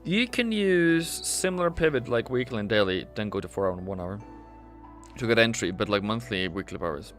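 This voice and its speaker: A man's voice: on the low side, expressive, brisk, a bit bright, faint music behind. A man hosting a live trading stream, chatting casually as he goes over charts, asks and answers his own questions, and teases viewers in the chat. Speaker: livestream trading host. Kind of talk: casual livestream market commentary.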